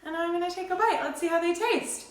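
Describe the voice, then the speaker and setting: A woman's voice: very high-pitched, quick pace, echoey room, a little hiss or hum. A young woman hosting a cooking lesson for English learners, bubbly and checking in with her viewers again and again. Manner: bubbly, checks in with "okay?" often. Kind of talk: cheerful teacher-like cooking demo.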